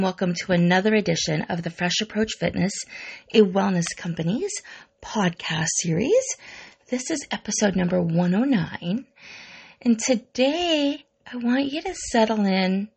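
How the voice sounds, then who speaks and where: Woman, middle-aged, podcast host, gravelly, candid, reflective monologue. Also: medium pitch, expressive, normal speed. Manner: warm, candid, confiding, with repetitions.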